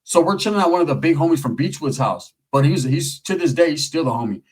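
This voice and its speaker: A middle-aged man from California spins a story in loose, profane street slang. His voice sits fairly high for a man and has a husky, rough edge. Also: lively intonation, fast talker, a little mellow, rough recording. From Merced area, California. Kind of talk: casual storytelling.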